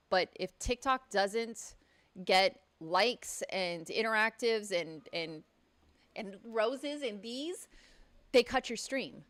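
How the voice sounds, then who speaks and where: A mid-range, somewhat bright female voice belongs to a livestream host working from her home studio. She chats casually and outspokenly, swearing when annoyed, and her studio microphone picks up the room.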